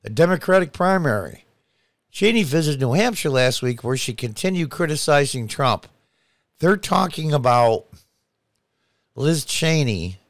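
A man's voice: mid-range voice, lively intonation, measured pace, long pauses, no room sound. A middle-aged American man hosting his own political commentary show, reading news aloud and scoffing at it.

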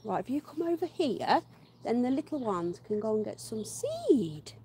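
A woman hosting a relaxed outdoor garden livestream, greeting viewers and cooing baby talk at her dog between bursts of laughter. Her voice sits high and swoops widely in pitch, and she takes her time between phrases. A faint hiss of background noise runs under it. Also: moderate pace. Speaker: livestream host. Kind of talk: casual live-stream chat with pets and viewers.

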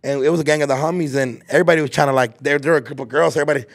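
Young male podcast host, twenties, a bit high and gravelly, rambling and slangy. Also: steady tone, very fast. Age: 20s. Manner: rambling storyteller, lots of filler and slang. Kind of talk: casual chat.

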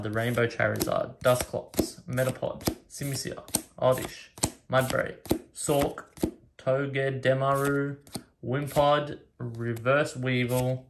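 A man talks slowly and casually into a close mic at a table, calling out each card as he flips through the packs. The crinkle and shuffle of wrappers and cards sits clearly under his voice the whole time, and he perks up over the rare ones. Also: mid-range voice, background noise. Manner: reads card names one by one, excited by rare pulls. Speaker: card collector opening packs. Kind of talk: casual pack-opening commentary. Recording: card and wrapper rustling behind voice.

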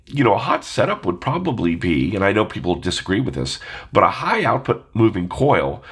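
A man's voice: deep voice, fairly bright tone, breathy edge. A man with a stuffed-up nose talking casually to camera, musing and asking his viewers questions. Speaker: audio vlogger.

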